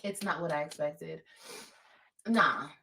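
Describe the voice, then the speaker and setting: A chatty woman from Los Angeles talks on a livestream, hammering her points home again and again. Her voice is bright and a little low-pitched. She sits back from the mic, so she sounds distant. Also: slow pace, creaky, a little hiss or hum. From Los Angeles, California. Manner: chatty, emphatic, repeats points. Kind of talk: casual livestream chat.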